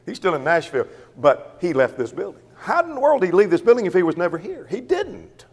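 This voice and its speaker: Preacher guy, highish voice, lots of ups and downs, big echo like a church hall. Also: fast talker, hardly any pauses, slightly rough. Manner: animated, asks himself questions and answers them. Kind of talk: sermon.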